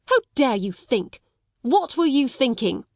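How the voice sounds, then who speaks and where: A woman reading aloud and voicing a stern, narrow-minded schoolmistress who gives sharp commands. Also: high-pitched, very animated, measured pace, dry recording, clean studio sound, pitched above the performer's own voice, full character voice. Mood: outraged.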